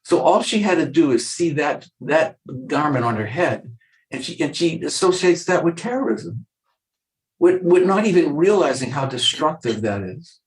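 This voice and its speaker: A man's voice: a little high, expressive, moderate pace, reverberant, poor audio. An older man, a clinical psychologist, talking earnestly in a podcast interview and acting out short exchanges with patients. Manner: earnest, acts out dialogue from patients.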